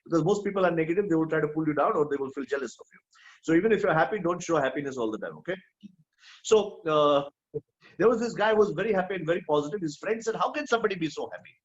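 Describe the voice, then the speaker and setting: A man's voice: fairly high pitch, animated, fast, dull audio. A man giving a motivational talk at an online event. He is emphatic, repeats his key phrases and keeps checking in with "hmm?". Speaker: motivational speaker.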